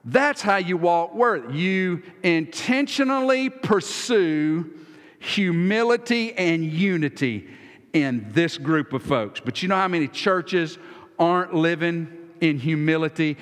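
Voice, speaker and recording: A man with a slightly high voice preaches a sermon as pastor in a large church sanctuary. His delivery is folksy and conversational, and he acts out little exchanges.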